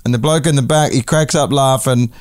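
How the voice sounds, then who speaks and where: A man's voice: mid-range voice, fairly even intonation, fairly quick, no room sound, studio quality. A man hosting a podcast, telling a rambling, profane comic story and correcting himself as he goes. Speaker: podcast host.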